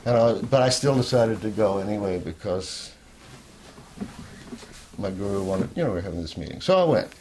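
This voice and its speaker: An older man telling a personal story in a candid, rambling way, at times sinking to a soft near-whisper. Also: lowish voice, lively intonation, normal speed, long pauses, slight background noise. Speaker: interviewee.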